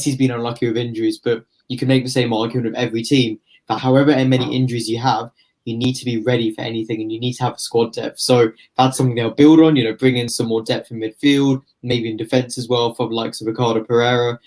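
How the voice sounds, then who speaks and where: A man's voice: medium pitch, fairly even intonation, fast, a little mellow. A man delivering long, flowing football opinions on a podcast. His voice sits in a mid register and stays conversational. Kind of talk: casual football podcast analysis.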